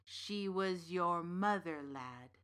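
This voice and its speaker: A woman reading the part of a big, gently knowing uncle from the fairy realm in an audiobook story. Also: lowish voice, lively intonation, slow. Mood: calm. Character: big warm Irish uncle, old fairy king's son.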